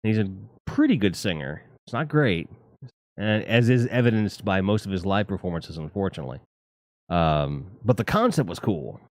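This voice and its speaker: A man hosting a live stream, talking casually and profanely about heavy music in rambling, animated asides. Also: low voice, moderate pace, no echo, clean studio sound. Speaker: streamer host.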